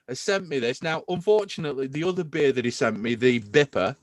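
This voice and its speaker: A man's voice: medium pitch, fairly quick, dry recording. A man hosting a podcast in casual chat, enthusing about beer. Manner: enthusiastic, animated beer talk. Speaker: podcast host.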